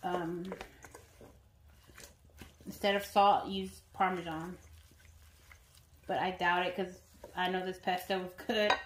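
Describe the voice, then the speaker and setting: A woman's voice: fairly low pitch, flat delivery, slow pace, pauses often, a little hiss or hum. A woman vlogger chatting casually to viewers while cooking in her home kitchen. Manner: chatty, talks straight to viewers.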